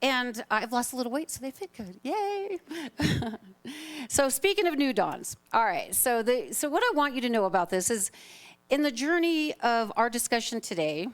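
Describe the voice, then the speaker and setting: Woman minister, informal talk from the pulpit, a bit high-pitched, chatty and self-mocking, live congregation. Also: big pitch swings, normal speed. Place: spiritual center sanctuary, live congregation.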